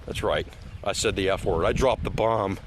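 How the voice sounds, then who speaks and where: A man's voice: low-pitched, normal speed, slight background noise. A middle-aged man from Washington State rambling through a casual outdoor vlog by a lake, with lots of restarts and fillers, and getting emphatic when he scolds. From Washington State, USA. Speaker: vlogger. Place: outdoors at a lakeside park.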